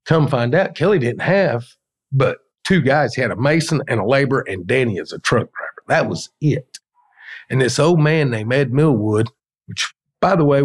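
Husky, blunt mason. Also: male voice, mid-range voice. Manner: blunt, profane storyteller. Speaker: guest, masonry business owner. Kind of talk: casual storytelling.

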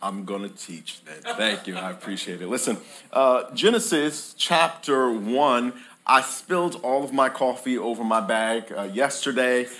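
Animated preacher man with a bright voice. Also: mid-range voice, measured pace, slight background noise. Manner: playful, jokes with the congregation, calls for responses. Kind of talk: lively sermon with audience call-and-response. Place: church hall with live congregation.

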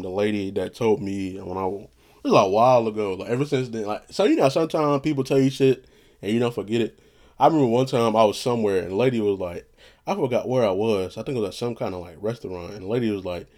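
A man talking casually on his own vlog in a loose, rambling way, often saying "you know what I'm saying". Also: gravelly. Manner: low monotone voice that he says he projects; loose, restarting, swears casually. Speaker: vlogger; retail worker.

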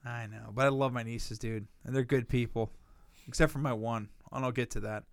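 A man's voice: mid-range voice, steady tone, a little fast, no echo, clean studio sound. A man co-hosting a casual podcast, telling rambling, profane stories and acting out what people said. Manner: rambling profane storyteller who acts out quotes. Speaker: podcast co-host.

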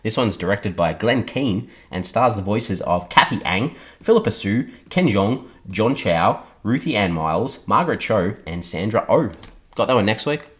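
A man hosting a podcast, casually reviewing a film with a hoarse, partly lost voice and rambling restarts. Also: on the low side, animated, normal speed. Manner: rambling, thinking aloud with restarts. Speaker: podcast host.

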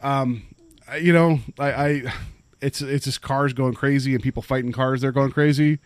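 A man's voice: medium pitch, steady tone, moderate pace, no room sound. Rambling man in casual movie chat. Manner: rambling, many fillers and restarts. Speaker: podcast co-host.

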